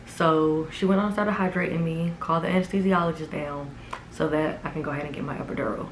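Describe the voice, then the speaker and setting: A woman's voice: sits low, steady tone, fast, noisy background. A woman in her twenties telling a personal story to camera in a casual, emphatic way. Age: 20s. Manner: casual and emphatic, with many "like"s and "okay?". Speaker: vlogger.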